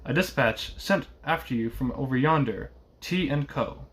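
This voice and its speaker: A man doing a hoarse messenger on horseback. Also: medium pitch, lively intonation, normal speed, fairly bright tone, lightly acted. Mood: hoarse calling. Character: hoarse male messenger rider calling from mist.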